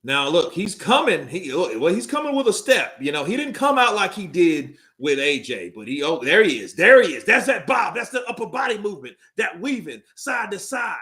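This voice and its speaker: A young man hosting a live stream, giving hyped, animated watch-along commentary and laughing often. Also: high voice, normal speed, few pauses.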